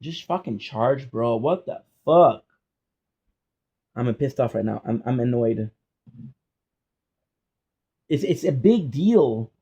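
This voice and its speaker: A man's voice: mid-range voice, lively intonation, slow, pauses often, mellow, slightly rough. Annoyed swearing man, dull lo-fi sound. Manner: frustrated, swearing, repeating himself. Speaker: gaming streamer. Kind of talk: casual vlog to viewers. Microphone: phone.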